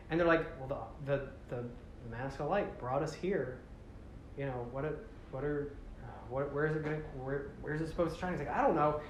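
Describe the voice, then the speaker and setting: A man casually retelling a movie plot, rambling and correcting himself, and acting out the characters' lines with sudden loud outbursts. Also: on the high side. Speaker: podcast host. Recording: roomy echo with faint background noise.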